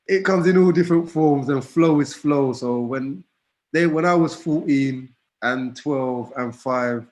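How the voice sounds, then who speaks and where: Animated man telling stories. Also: mid-range voice, unhurried. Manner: lively, animated, laughs often, acts out his children's voices. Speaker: guest. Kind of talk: casual storytelling.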